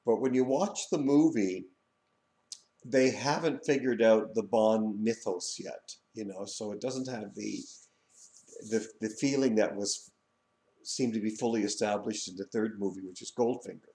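Rambling low-voiced man in an echoey room. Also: a little slow, mellow. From Canada. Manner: rambling, many fillers and restarts. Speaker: video reviewer. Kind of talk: casual spoken review.

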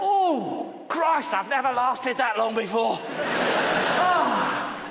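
A man with an English accent performing live stage comedy, loud, brash and shouty. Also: very high-pitched, very animated, slow pace, gravelly, very noisy. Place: large theatre stage. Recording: echoey live theatre recording.

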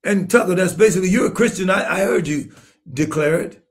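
Older guy in his 70s preaching, kinda high voice, fires off questions, gets loud then quiet. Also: fairly quick. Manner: emphatic, rhetorical questions, shifts from hushed to shouting. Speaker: bishop. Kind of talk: sermon-style commentary.

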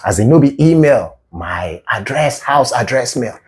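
A man's voice: mid-range voice, expressive, normal speed, background noise. A man with a Nigerian Pidgin accent telling a comedic story in a playful, mock-lecturing manner. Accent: Nigerian Pidgin English. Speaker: comedic video creator.

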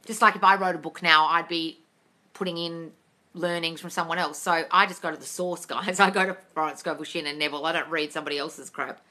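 Woman, non-native English accent, blunt and sweary, bright forceful tone, casual live-stream chat, slightly stuffy nose. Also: sits low, fairly even intonation, brisk. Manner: blunt, sweary, calls viewers darling. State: runny nose from the cold. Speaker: manifestation coach answering live comments. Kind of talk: casual live-stream Q&A, reading comments aloud. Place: large open room in a house. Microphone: phone livestream.

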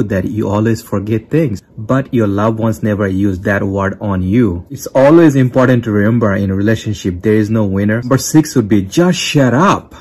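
A man hosting a relationship advice video, speaking in a calm, steady, plain way with some non-native grammar. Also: lowish voice. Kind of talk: scripted advice talk to camera.

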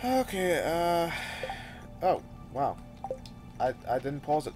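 A man's voice: on the high side, big pitch swings, unhurried, pauses often, a little mellow, faint music behind. A man giving casual gameplay commentary, exasperated and theatrical, grumbling and throwing mock insults.

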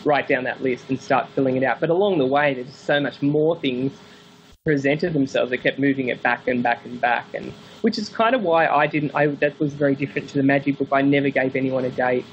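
A man, a podcast guest and book author, telling stories in a casual interview, animated and acting out quoted voices with frequent laughs. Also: medium pitch, fairly quick. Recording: dull lo-fi call audio with faint hiss.

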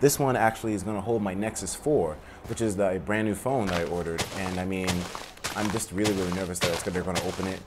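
Rambling, profane gaming commentator, low voice. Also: male voice, quick pace, very noisy. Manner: rambling, profane, bursts into high laughter. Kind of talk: casual let's-play commentary. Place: room at home with windows open.

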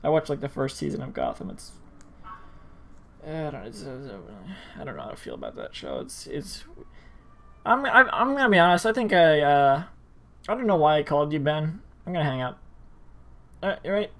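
A man's voice: fairly high pitch, huge pitch swings, moderate pace, long pauses, a bit bright. A man hosting a let's play, rambling in casual commentary with frequent stammers and self-interruptions.

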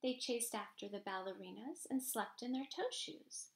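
A woman's voice: a little high, moderate pace. Woman reading a children's story aloud. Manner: gentle, expressive storytelling. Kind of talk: children's picture book read-aloud. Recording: roomy echo.

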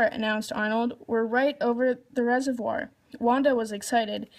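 Reading a children's picture book at a normal speed, a woman with a fairly high voice keeps a steady tone for the narration. When the characters speak, she pitches her voice higher.

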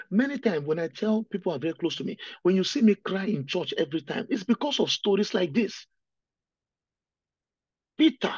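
A man's voice: high-pitched, darkish tone, slightly rough, no room sound. A man preaching an emotional sermon, crying out and repeating his phrases with great feeling. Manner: impassioned, repeats phrases and cries out. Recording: dull, dry lo-fi sound.

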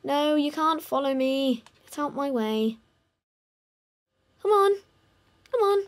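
A woman's voice: high-pitched, expressive, moderate pace. A woman giving casual gameplay commentary, playfully talking to and teasing her game animals. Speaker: gamer.

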